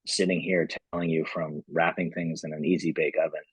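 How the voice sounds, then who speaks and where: Very deep husky man telling his story. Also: flat delivery, a little fast, no echo, poor audio. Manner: rambling, many "you know" fillers. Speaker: company founder, podcast guest. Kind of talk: casual storytelling interview.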